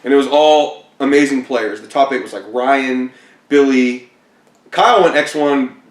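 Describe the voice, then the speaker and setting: A man's voice: mid-range voice, a little slow. Laid-back guy telling a story, laughs a lot, kinda far off the mic in an echoey room. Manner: laid-back, self-deprecating, laughs often. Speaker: competitive card game player. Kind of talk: casual storytelling interview. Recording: roomy echo, mic at a distance.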